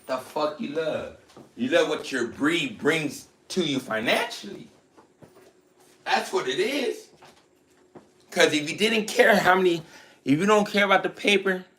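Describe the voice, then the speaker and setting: A man's voice: high-pitched, fairly bright tone. Profane, boastful man ranting about dogs. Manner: blunt, profane, boastful, mocking rivals. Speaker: dog breeder. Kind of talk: casual rant to camera.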